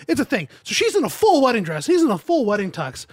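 A man's voice: extremely high pitch, huge pitch swings, fast talker. A man telling a rambling anecdote in casual podcast banter, often stopping to correct himself. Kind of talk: casual storytelling chat.

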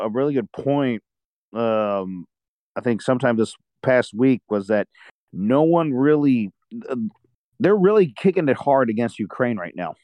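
A male caller on a talk show with a smooth, clear voice. He rambles and keeps restarting his sentences. His voice sounds dry and close. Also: mid-range voice, a little mellow, no echo.

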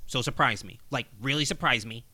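A man's voice: mid-range voice, brisk, bright, forceful tone. A man voicing a sarcastic male goblin wizard who answers with dry, exasperated remarks in a comedy audio drama.

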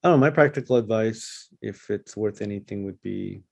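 A man leading a casual Bible study discussion, talking in a halting way with many fillers and restarts. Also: lowish voice, creaky, darkish tone, husky, no echo.

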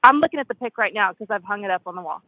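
A guest guitarist telling a story with laughs and self-deprecating asides in a casual interview. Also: male voice, sits high, lively intonation, racing, dry recording. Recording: tinny phone-line audio, dry.

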